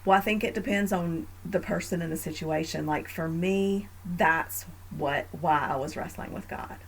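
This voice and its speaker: A woman hosting a faith podcast, talking in an earnest, reflective way with frequent fillers and growing animated in family stories. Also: lowish voice, normal speed, a little hiss or hum, low-quality recording. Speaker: podcast host.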